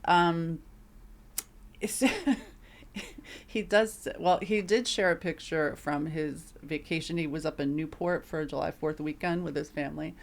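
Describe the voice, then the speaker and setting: A woman co-hosting a podcast, her voice sitting on the low side. She chats casually and tells stories with animation, leaning on plenty of fillers along the way. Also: a little slow, gravelly. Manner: animated storytelling, filler-heavy. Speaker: podcast co-host. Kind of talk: casual chat.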